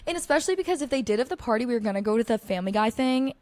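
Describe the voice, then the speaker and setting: This young woman's voice is fairly high, animated, and a little mellow, recorded with no room sound. Hosting a casual podcast alone, she tells stories chattily, with heavy use of "like" and lots of swearing. She keeps throwing in brief asides.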